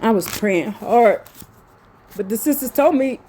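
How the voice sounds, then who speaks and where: A woman's voice: fairly high pitch, animated, unhurried, warm tone, slight background noise. A woman preaching with fervor, scolding her listeners and reading scripture aloud. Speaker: preacher speaking to followers. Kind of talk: impassioned preaching.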